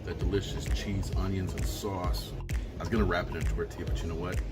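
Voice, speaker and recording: A man's voice: deep voice, little pitch movement, brisk. A man in his forties, a toy store owner, talking eagerly in a casual vlog and describing things in loving detail. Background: loud background music.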